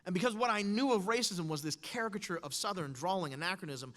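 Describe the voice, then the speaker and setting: Male speaker, thirties, wry and animated storyteller; long hall echo. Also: high-pitched, fast. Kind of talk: storytelling talk on stage.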